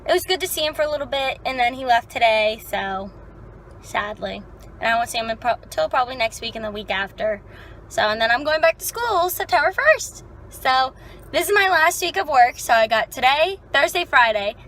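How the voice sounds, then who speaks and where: Young female vlogger, high and bright, casual and animated, with a foul mouth. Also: rough recording. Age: young adult. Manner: chatty, swears freely, animated storytelling. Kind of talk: casual vlog chat.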